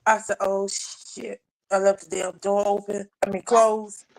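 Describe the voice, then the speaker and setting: A woman's voice: medium pitch, flat delivery, moderate pace, poor audio. A woman from North Carolina, chatting casually on a live panel, rambling with repeated restarts and frequent laughter. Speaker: live panel chat guest. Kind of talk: casual chat.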